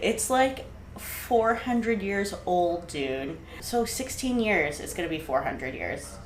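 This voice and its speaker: A woman's voice: mid-range voice, takes it slowly, roomy sound, slight background noise. Rambling New woman podcaster. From New England. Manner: animated, rambling, slangy. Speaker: podcast co-host. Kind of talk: casual chat.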